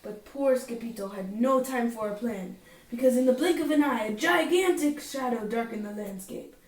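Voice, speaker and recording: Brief: woman reader, bedtime picture book, playful sing-song delivery, high-ish voice, roomy home recording. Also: normal speed, darkish tone, recorded from a distance, slight background noise. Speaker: storybook reader. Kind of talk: bedtime story read-aloud. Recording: echoey home room.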